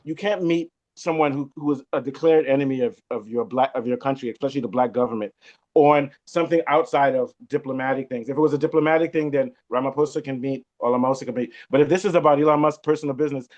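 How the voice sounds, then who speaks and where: A man hosting a panel discussion, speaking forcefully and often cutting in on others. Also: mid-range voice, fast. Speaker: host. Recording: dull lo-fi sound.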